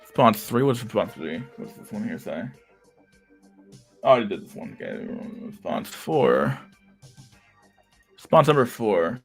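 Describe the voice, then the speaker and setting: A man's voice: on the low side, big pitch swings, normal speed, long pauses, slightly rough, soft background music. A man streaming casual commentary, reading comments aloud in a rambling, stammering way with frequent laughter.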